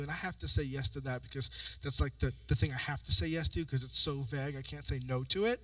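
A man preaching a sermon as pastor, telling stories with lively acted-out voices. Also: fairly high pitch, fast talker, few pauses, dry recording, recorded from a distance, poor audio. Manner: animated storytelling with acted-out voices. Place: church sanctuary.

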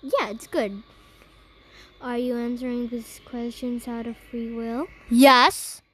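A woman's voice: fairly high pitch, steady tone, slow, husky. A woman playing a game, reading its survey questions aloud and answering them in a playful, jokingly spooked way. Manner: jokingly spooked, sometimes puts on a scary voice. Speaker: gamer. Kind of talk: casual gameplay commentary.

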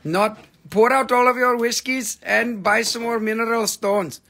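Guy doing a live rock sale, high voice with lots of fry, goofy and rambling. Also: fairly even intonation, unhurried, pushed and bright. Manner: joking, rambling, playful. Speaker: host of a live mineral sales stream. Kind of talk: casual live selling banter.

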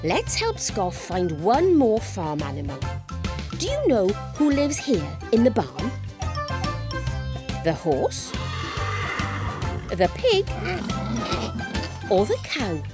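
A woman's voice: mid-range voice, huge pitch swings, slow pace, pauses often, over music. A woman presenting a preschool show and reading a story aloud in an encouraging, sing-song way.

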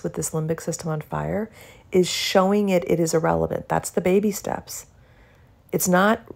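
A woman's voice: low-pitched, vocal fry, a little mellow. A middle-aged woman, a psychologist, giving an earnest, reassuring educational talk and often checking in with her listeners. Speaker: psychologist educating about benzodiazepine withdrawal.

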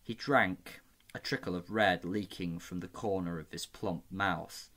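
A man narrating a fantasy audiobook in his own voice. His delivery is steady and measured, and his voice sits somewhat low. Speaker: amateur audiobook reader. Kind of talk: scripted narration.

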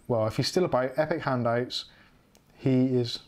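A man's voice: mid-range voice, a little mellow, a little hiss or hum. A man from England with a West Country accent, hosting a casual livestream chat from home, rambling and correcting himself as he goes. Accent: English West Country. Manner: rambling, self-correcting, chatty. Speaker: livestream host.

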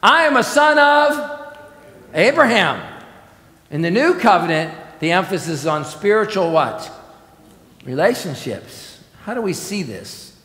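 A man preaching an expository sermon as pastor, emphatic, asking the congregation questions and letting his phrases fall away softly. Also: high-pitched, sing-song, unhurried. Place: church sanctuary. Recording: echoey church hall.

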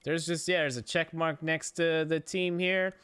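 A man streaming a racing game, commenting excitedly, swearing and yelling at rival drivers. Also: a little high, normal speed, clear, resonant tone. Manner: excitable, profane, yells at rivals. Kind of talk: gameplay commentary.

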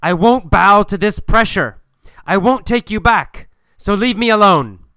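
A man's voice: medium pitch, a little slow, fairly bright tone, clear, resonant tone, no echo, pitched below the performer's own voice, close to an everyday voice. A man voicing a tough male soldier in a story, speaking in a curt, firm way. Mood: yelling.

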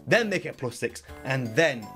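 A young man giving loud, excitable, swear-filled gameplay commentary, shouting often. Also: medium pitch, moderate pace, distant mic, soft background music. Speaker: gaming YouTuber.

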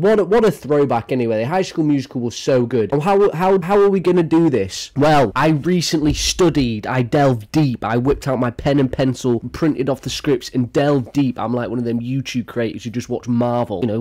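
A man in his twenties chatting casually and excitedly as a YouTuber ranking songs, crude and jokey, swearing freely. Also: medium pitch. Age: 20s. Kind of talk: casual tier-list commentary.

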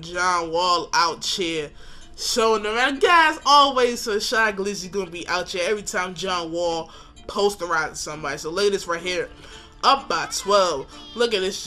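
A man calls his video game basketball match play by play, animated and joking, swinging between hype and mock outrage. His voice is bright and forward. Faint music plays behind him. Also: sits high. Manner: animated, hypes plays, jokes and trash-talks. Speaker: gaming commentator. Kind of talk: excited play-by-play game commentary.

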